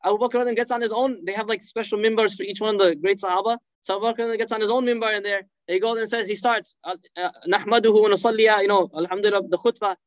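Fast-talking fervent male preacher. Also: sits high, steady tone, no room sound, lo-fi sound. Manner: rapid, fervent retelling with acted quotes and Arabic phrases. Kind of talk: emotional religious storytelling lecture.

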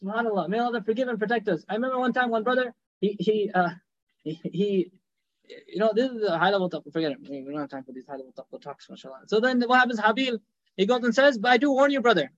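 A man preaching a sermon, telling stories fast with acted quotes and rhetorical questions. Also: high voice, expressive, a bit bright, lo-fi sound. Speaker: Islamic preacher.

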